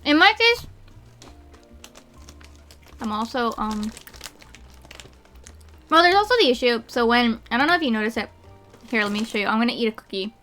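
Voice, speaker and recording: A woman's voice: a little high, expressive, moderate pace, long pauses, pushed and bright, soft background music. A woman streamer chatting casually and rambling with lots of fillers while snacking. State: eating while talking. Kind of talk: casual chat.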